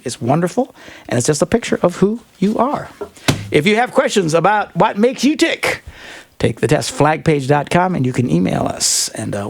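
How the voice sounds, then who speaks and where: A man's voice: fairly high pitch, gravelly, slightly rough. A middle-aged man hosting a radio advice show, rambling and joking and laughing often. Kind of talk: call-in advice show banter.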